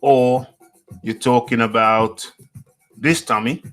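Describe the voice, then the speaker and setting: A UK man hosts a live show, reading out the chat playfully and repetitively and chuckling often in casual live-stream conversation. His voice is medium-pitched, steady, slow, and a bit bright, with soft music in the background.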